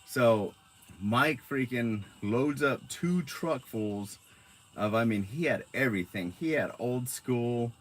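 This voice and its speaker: A man's voice: medium pitch, lively intonation, slow. A man from Arizona with a middle-range voice, chatting on a casual live stream. He rambles through his stories with an easygoing, profane manner, as if talking to friends. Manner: rambling, laid-back, swears freely.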